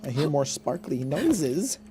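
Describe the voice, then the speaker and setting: Joking male streamer with a mellow voice. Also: fairly high pitch, sing-song, takes it slowly, soft background music. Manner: joking, rambling, laughs often. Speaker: game streamer. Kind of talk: casual gameplay commentary.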